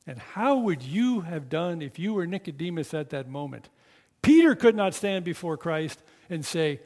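A man preaching a sermon, telling the story slowly and dramatically in a reverberant church hall. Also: on the high side, lively intonation, a little mellow. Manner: dramatic storytelling, slow and emphatic.

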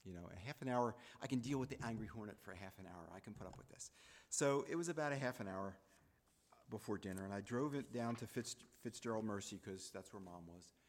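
A man telling a personal story in a reflective, halting way, repeating phrases as he goes. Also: fairly low pitch, big-room sound, slight background noise.

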